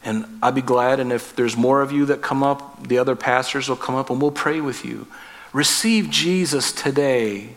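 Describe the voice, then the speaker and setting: A man's voice: medium pitch, moderate pace, in a large hall. A man preaching a sermon as pastor, earnest and emphatic, asking the listeners direct questions.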